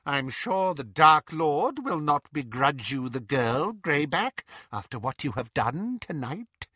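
A man's voice: big pitch swings, takes it slowly, pushed and bright, husky, no echo, studio quality, heavily acted. A man voicing a cruel adult witch who taunts and shrieks. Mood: scheming. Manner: shrill and taunting.

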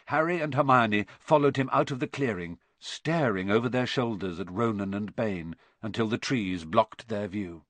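A man narrating a children's fantasy novel as scripted storybook narration, with an expressive, dramatic reading. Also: fairly low pitch, normal speed, few pauses, no echo. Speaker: audiobook narrator.

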